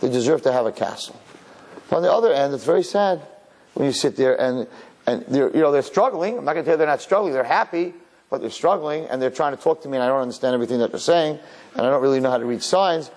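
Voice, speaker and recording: New rabbi man preaching, storytelling style, gets real emotional, voice shoots up then drops way soft. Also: mid-range voice, expressive, fast. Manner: conversational, repeats words, uses Yiddish and Hebrew terms. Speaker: rabbi giving a weekly Torah talk. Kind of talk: storytelling sermon.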